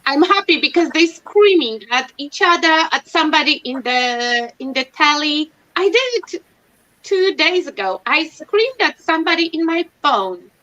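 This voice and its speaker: High, bright woman chatting on a stream. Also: expressive, measured pace. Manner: chatty, self-mocking, laughs often. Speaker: livestream host. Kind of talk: casual chat. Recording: dull lo-fi stream audio.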